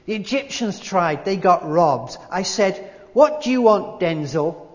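Brief: confident male movie star, voiced by a man in a sermon, higher voice, dull echoey church sound. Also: animated, measured pace. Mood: earnest. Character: self-assured big-time male movie star.

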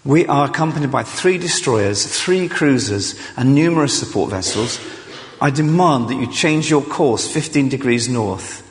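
A man's voice: medium pitch, animated, normal speed, pitched above the performer's own voice, natural voice. A man reading out the lines of a demanding American navy captain, in a long, echoing hall. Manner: read out plainly, demanding.

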